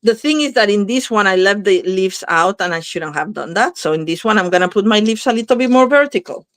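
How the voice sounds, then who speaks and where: Expressive and a little quick, this medium-pitched woman's voice comes through a dry recording. She's running a card-making video, talking casually and thinking aloud as she goes, and she keeps stopping to correct herself.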